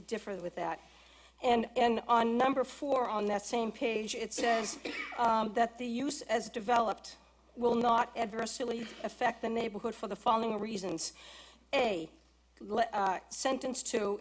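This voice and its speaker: A woman resident giving public comment at a city council hearing, reading from documents with frequent hesitations. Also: on the high side. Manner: hesitant, reads from application with many ums. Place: council chamber.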